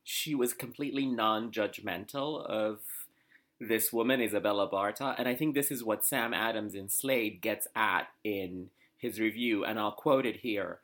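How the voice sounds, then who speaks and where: A man co-hosting a podcast, reading a review aloud in a measured way. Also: lowish voice, a bit bright.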